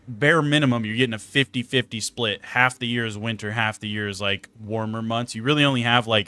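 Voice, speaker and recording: A young man streaming a game, telling stories to chat in a casual, swearing, exasperated way. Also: mid-range voice. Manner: animated, swearing, exasperated storytelling. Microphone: close desk mic.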